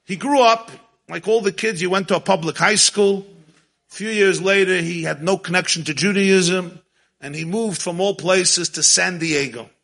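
A man with a husky, sharp-edged voice tells a story. His pitch sits a little high, and he talks in an animated way, chuckling as he goes and mixing in Yiddish and Hebrew words. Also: moderate pace. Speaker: religious storyteller. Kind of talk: storytelling talk.

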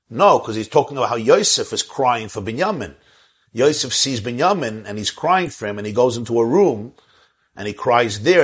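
Husky man teaching a religious class. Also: fairly low pitch, a bit bright. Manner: earnest, repeats key phrases, chuckles. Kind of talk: Torah lecture with questions.

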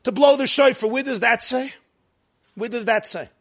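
High-voiced man lecturing a class. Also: normal speed, fairly bright tone. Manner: asks the class questions and answers them himself, jokes with them. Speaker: rabbi teaching a class.

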